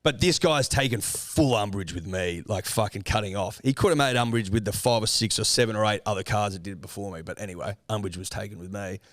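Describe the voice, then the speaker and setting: A man's voice: fairly low pitch, quick pace, hardly any pauses, no room sound, clean studio sound. A young Australian man, a podcast co-host, telling a rambling story in casual chat, swearing freely and acting out what people said. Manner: animated swearing storyteller, acts out quotes.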